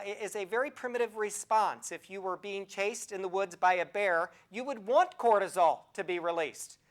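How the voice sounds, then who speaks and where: Her mid-range voice carries this health talk: a sixty-something nursing professor who spins animated stories and quizzes listeners directly.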